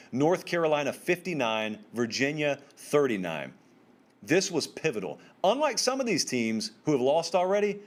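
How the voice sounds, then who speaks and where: Emphatic male sports show host. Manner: emphatic, conversational, pitch swings up for stress; informal slang and direct address to viewers. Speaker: host of a college football show. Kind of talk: solo sports commentary.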